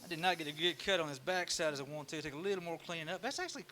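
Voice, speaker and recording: A man's voice: a little high, lively intonation, racing, over a noisy crowd. A man with a Texan accent, live-streaming his woodworking and chatting casually in a joking, rambling, self-deprecating way.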